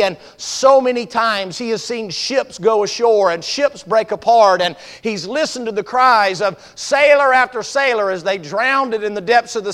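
A man preacher telling a story as a sermon, vivid and swinging from loud to hushed. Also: sits high. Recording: long reverb of a large hall.

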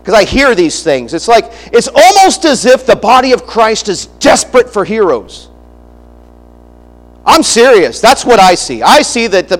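A man's voice: sits high, big-room sound, poor audio. A middle-aged man preaching a sermon, emphatic and preacherly, often restarting phrases and breaking into asides.

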